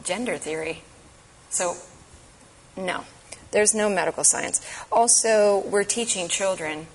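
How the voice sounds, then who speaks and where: A woman's voice: lowish voice, a little hiss or hum, poor audio. A woman giving an impassioned, emphatic advocacy talk at a church event. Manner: earnest, emphatic, urgent.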